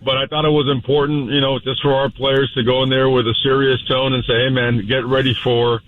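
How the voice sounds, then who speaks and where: A man's voice: medium pitch, little pitch movement, quick pace, dry recording. A man, a head football coach, talking bluntly on a radio interview and breaking down plays in coaching jargon. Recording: tinny phone line.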